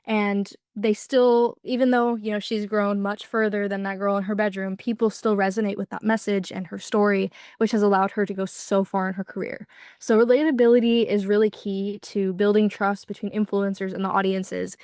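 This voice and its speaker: A woman's voice: mid-range voice, flat delivery, moderate pace, darkish tone, smooth, dry recording, studio quality. A young woman giving a casual class presentation, explaining with lots of fillers. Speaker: student presenter.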